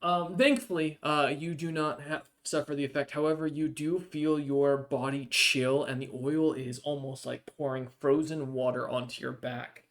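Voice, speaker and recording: A man's voice: fairly high pitch, fairly even intonation, normal speed, hardly any pauses. A man narrating as game master of a tabletop game, hesitant and full of ums and uhs.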